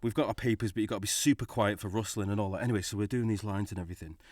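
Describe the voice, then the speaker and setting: A male podcast co-host with a lowish, slightly mellow voice talks very fast in casual chat, telling animated stories and laughing often. The recording is dry and clean, with studio sound.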